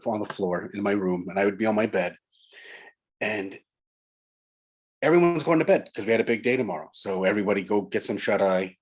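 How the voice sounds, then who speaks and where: A man's voice: lowish voice, slightly rough. A man from Long Island, an author and guest, telling a ghost story in casual chat, building suspense through repetition. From Long Island, New York.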